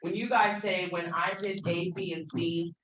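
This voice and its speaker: At a recovery convention workshop, a woman gives a candid personal recovery share, emotional and self-deprecating, with some swearing. Her fairly low voice is a bit bright, with fairly even intonation and a moderate pace. The convention meeting room sounds echoey, with faint noise.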